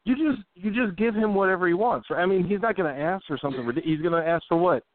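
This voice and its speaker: A man hosting a casual sports talk podcast, talking emphatically and turning animated when he jokes. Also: high voice, quick pace, no room sound. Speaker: podcast host. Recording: dry tinny phone-like audio.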